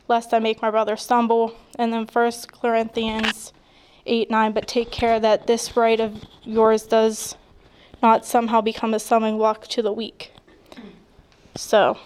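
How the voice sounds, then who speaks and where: Woman, casual chat with scripture reading; smooth, flat delivery, measured. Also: fairly high pitch. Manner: measured, reads verses then explains with fillers.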